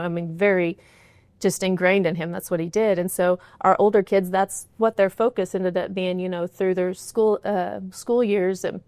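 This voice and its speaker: A woman's voice: fairly low pitch, darkish tone, dry recording. A middle-aged woman answering interview questions in an earnest, candid way, often saying "you know", in a studio. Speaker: guest, horse trainer's wife and business partner.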